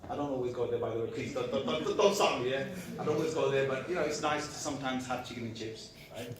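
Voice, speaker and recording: A man giving an animated storytelling lecture, acting out voices and laughing at his own jokes. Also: medium pitch, quick pace, background noise. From Britain. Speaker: Islamic lecturer. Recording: echoey hall, speaker far from the mic.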